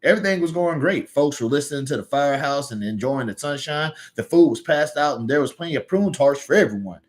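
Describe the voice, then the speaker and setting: A man's voice: fairly high pitch, lively intonation, brisk, lightly acted. A man with a Southern US accent voicing an earnest, good-natured little male cartoon hero telling a story.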